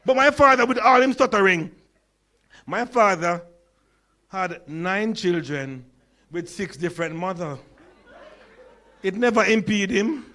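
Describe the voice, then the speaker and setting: A Jamaican man in his sixties gives a humorous keynote with a slight stutter and lisp. He tells stories and puts questions to the crowd in a notably high voice. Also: expressive, a little slow, pauses often, sharp tone. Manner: storytelling, engages audience with questions. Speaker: conference speaker.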